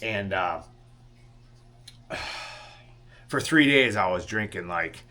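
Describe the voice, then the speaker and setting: A man's voice: on the low side, expressive, slow, bright, forceful tone. Rambling, sheepish man telling a story. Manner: rambling, swears often, keeps asking "right?"; sheepish and rueful. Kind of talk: casual storytelling to camera.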